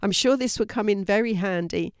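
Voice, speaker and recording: A woman's voice: medium pitch, brisk, smooth, no room sound, clean studio sound, lightly acted. A woman reading a storybook, voicing a cheerful, helpful young girl in a raised, eager voice. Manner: bright, eager, friendly.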